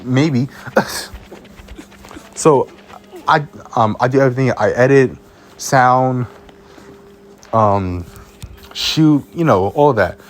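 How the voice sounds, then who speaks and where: A man's voice: medium pitch, takes it slowly, long pauses, a little hiss or hum. A young man, a student filmmaker, telling a rambling, exasperated story in a casual vlog, often stumbling over and repeating his words. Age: young adult.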